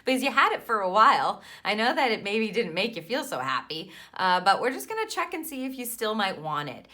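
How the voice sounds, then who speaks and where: A woman's voice: mid-range voice, sing-song, fairly quick, pushed and bright. A woman reading cards as an intuitive guide, soothing and affirming, often tagging her lines with "right?". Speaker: tarot reader and intuitive mentor. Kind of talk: spiritual card reading monologue.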